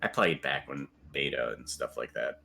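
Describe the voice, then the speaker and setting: A man's voice: extremely low pitch, moderate pace, vocal fry, pushed and bright. A man chatting casually as a podcast guest, rambling and jokey with lots of fillers.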